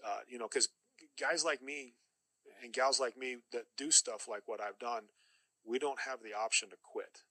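A middle-aged man speaks as a podcast guest, telling his story with earnest, emphatic conviction and circling back on key phrases. His voice is strikingly bright and tense, with an average pitch. The sound is dry, with no room echo. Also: fairly even intonation, moderate pace. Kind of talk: personal testimony.

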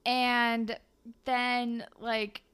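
A young woman co-hosting a podcast, recapping a show in casual chat, animated and swearing, popping into quick high voices for characters. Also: smooth. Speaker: podcast co-host.

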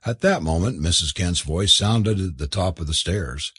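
A man narrating a novel aloud in an expressive, theatrical reading. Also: deep voice, moderate pace, few pauses, no room sound, studio quality. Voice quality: husky. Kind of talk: audiobook narration.

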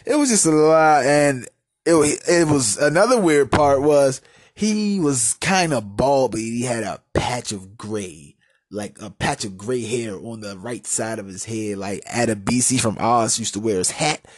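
A man from Washington, D.C. hosting a podcast, telling a story in a profane, rambling way, dropping from mumbles into loud outbursts. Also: medium pitch, a little slow, no room sound. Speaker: podcast host. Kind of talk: casual storytelling podcast monologue.

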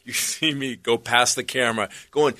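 A middle-aged man telling a comedy club story in casual chat, animated and bursting into loud shouted character voices. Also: medium pitch, fast, no room sound, clean studio sound. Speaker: stand-up comedian guest.

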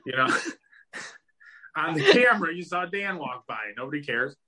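Male guest storyteller, very expressive pitch, bright voice, casual and profane. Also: unhurried, low-quality recording. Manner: animated, laughs often, swears casually. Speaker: podcast guest.

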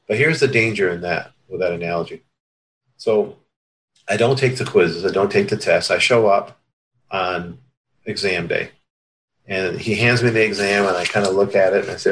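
A man, a tennis coach telling animated stories in a podcast interview and acting out the people he quotes. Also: low voice, moderate pace, poor audio.

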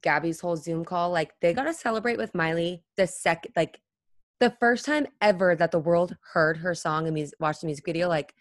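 A young woman co-hosting a podcast, chatty and fairly calm, telling stories with lots of "like". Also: on the low side, a little fast, dry recording, clean studio sound. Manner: chatty storytelling with frequent "like"s, calmer tone. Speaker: podcast co-host. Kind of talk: casual chat.

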